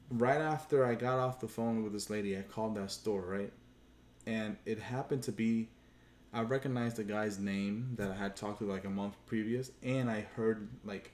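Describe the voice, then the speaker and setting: His voice is on the low side and a little mellow, yet this gaming channel host is clearly frustrated. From an echoey home room on a livestream, he tells a profane, meandering story, acting out what people said.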